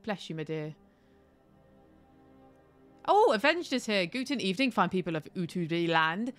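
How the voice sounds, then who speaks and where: A woman's voice: lowish voice, bright, forceful tone, smooth. A woman live-streaming a game from home on a headset, chatty and swearing, with laughing asides.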